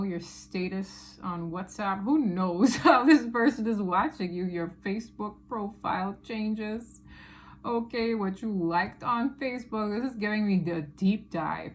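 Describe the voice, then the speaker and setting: A woman's voice: medium pitch, slight background noise. Chatty woman reading tarot cards. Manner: chatty, emphatic, uses slang. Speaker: tarot reader. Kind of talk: casual tarot reading to viewers.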